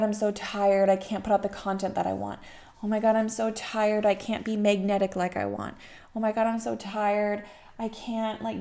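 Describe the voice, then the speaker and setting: A young pregnant woman, a business coach, talking emphatically in a motivational podcast, repeating phrases and acting out her own inner voice. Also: mid-range voice.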